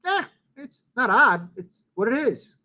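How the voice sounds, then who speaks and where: A middle-aged man hosting a casual live stream, rambling and swearing, with loud bursts that drop to muttering. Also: very high-pitched, very animated, a little slow. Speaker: live-stream show host.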